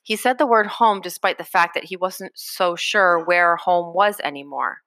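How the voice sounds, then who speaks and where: A woman narrating a chapter of a novel in a steady storytelling manner. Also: lowish voice, moderate pace, no echo. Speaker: audiobook narrator. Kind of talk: scripted narration.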